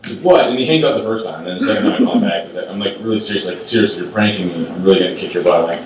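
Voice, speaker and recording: A man telling a story as a guest on a live podcast, rambling quickly with fillers. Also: low voice. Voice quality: rapid, rambling delivery. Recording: echoey room, mic at distance, noisy.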